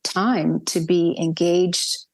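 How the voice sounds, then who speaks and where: A woman's voice: on the low side, steady tone, extremely slow, darkish tone. Rambling woman interview host. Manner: rambling, hesitant, many fillers. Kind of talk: interview questions.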